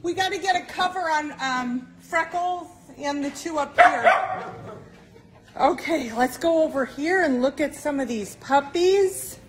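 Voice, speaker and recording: A woman's voice: high-pitched, measured pace, background noise. A woman giving a live walkthrough of rescue kennels, laughing often and cooing at the dogs, recorded on a handheld phone in an indoor kennel. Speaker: dog rescue worker.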